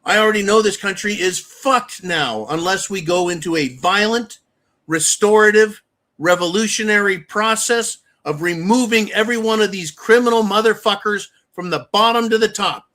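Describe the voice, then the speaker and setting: A man's voice: sits high, moderate pace, bright, forceful tone. A man hosting his own channel, delivering a heated, profane political rant. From United States. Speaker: channel host.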